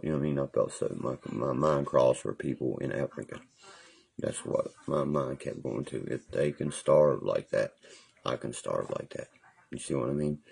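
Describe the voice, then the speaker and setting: Gravelly, husky, and extremely low-pitched, the voice belongs to a livestream vlogger sitting in a parked car. On his phone, he casually rambles through jail stories packed with profanity, animated and laughing often.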